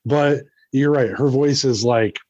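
A man's voice: mid-range voice, a little slow, a little mellow, no room sound, dull audio. A man, a former co-host back as a guest, chatting in an easygoing way and laughing often. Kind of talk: casual chat.

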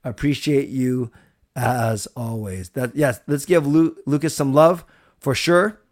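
A man hosts a live stream in a loose, rambling way, chatting straight to his viewers and thanking them. His voice sits at an ordinary middle pitch. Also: unhurried, darkish tone. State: recovered from a cold. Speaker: livestream host. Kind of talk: casual live-stream chat.

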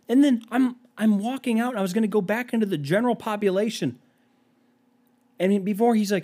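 A man's voice: high-pitched, animated, fairly quick, a little mellow. A man telling an exasperated, profane, incredulous storytime rant to his viewers.

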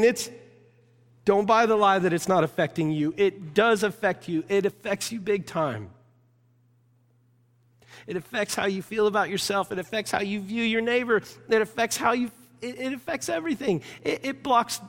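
A man's voice: high voice, a bit bright. A man, a pastor, preaching a sermon with impassioned, urgent exhortation. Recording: long reverb of a church hall.

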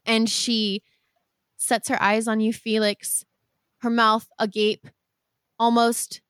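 A woman's voice: fairly high pitch, level tone, takes it slowly, a bit bright, clean tone, dry recording. Rambling woman game master, dry sound. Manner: descriptive, meandering, fillers like "like" and "uh". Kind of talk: narrating a tabletop game.

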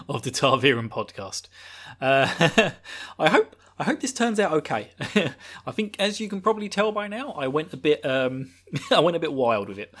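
Rambling podcast host. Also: male voice, mid-range voice, fairly bright tone. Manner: rambling, laughing, self-interrupting. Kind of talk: casual chat.

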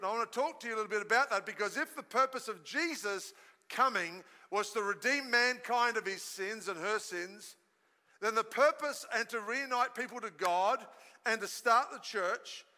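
A male pastor delivering a lively sermon, his voice pitched high and ringing very bright. He tells stories with energy and invites the congregation to join in. Long reverb from the church hall trails every phrase. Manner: storytelling, energetic preaching with audience call-and-response.

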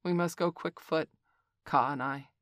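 A proud male panther speaks firmly and briskly, voiced by a woman reading a storybook. The voice sits fairly low. The recording is dry. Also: a bit bright, no echo. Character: proud male black panther, quick and commanding.

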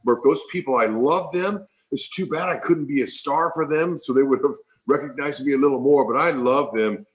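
A middle-aged man tells an emotional story in a rambling, heartfelt way, often circling back and repeating words. His pitch sits in an ordinary middle range. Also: normal speed, poor audio. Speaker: former baseball player, guest.

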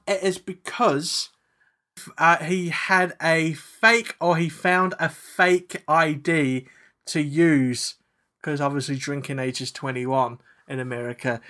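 A man co-hosting a podcast, chatting casually, swearing and laughing as he tells stories. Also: fairly high pitch. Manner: swearing, laughs a lot, animated storyteller. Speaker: podcast co-host. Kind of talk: casual chat.

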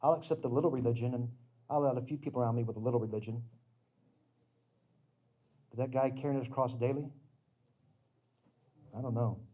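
Husky-voiced preacher man. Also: medium pitch, fairly even intonation, brisk, pauses often. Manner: earnest, emphatic storytelling with sudden loud bursts. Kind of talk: sermon with slides.

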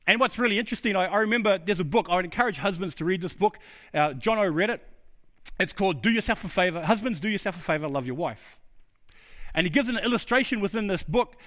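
A man's voice: sits high, lively intonation, fast, a bit bright. A male pastor preaching a sermon, emphatic and fond of repeating key words. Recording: long hall reverb.

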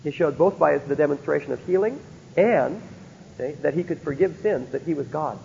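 A man's voice: fairly high pitch, brisk, vocal fry, darkish tone, slight background noise. A man teaching a Bible lecture, often stopping to ask his listeners rhetorical questions to check they follow. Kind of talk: recorded theology lecture. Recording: dull lo-fi recording in a reverberant hall.

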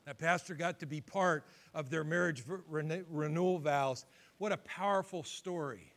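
A man preaching from the pulpit, his voice high and bright. He tells a story through quoted dialogue, then climbs to forceful, near-shouted appeals. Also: moderate pace. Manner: retells conversations in quoted voices, builds to shouted exhortation. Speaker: pastor. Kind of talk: sermon storytelling.

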